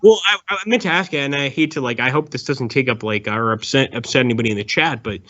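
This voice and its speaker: A man chatting as a stream guest, excitable and rambling, full of crude teasing. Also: mid-range voice, fast. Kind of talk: casual chat. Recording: dull lo-fi audio.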